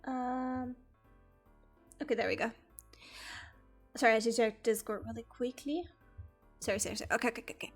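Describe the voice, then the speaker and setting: Giggly German woman streamer, slightly high voice. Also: steady tone, brisk, pauses often, soft background music. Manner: rambling, giggly, self-deprecating. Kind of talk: casual chat with stream viewers.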